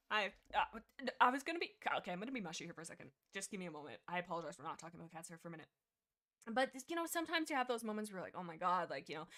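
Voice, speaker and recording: Woman streamer, casual chat, excitable and rambling, middle pitch. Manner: rambling and excitable, with many restarts and fillers. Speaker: livestream host.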